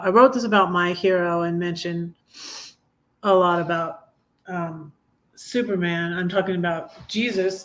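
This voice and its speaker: A middle-aged woman hosting a live stream, chatting casually and reading her own poems in a halting, heartfelt way with many ums and restarts. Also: fairly low pitch. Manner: halting, full of ums and restarts, soft laughs; heartfelt, gets emotional while reading. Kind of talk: casual livestream chat and poetry reading.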